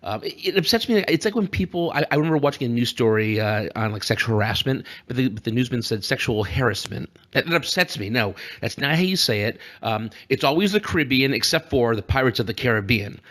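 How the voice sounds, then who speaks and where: A man's voice: medium pitch, expressive, fast talker, hardly any pauses, fairly bright tone. A man co-hosting a casual political podcast, rambling and joking and laughing often. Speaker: podcast co-host.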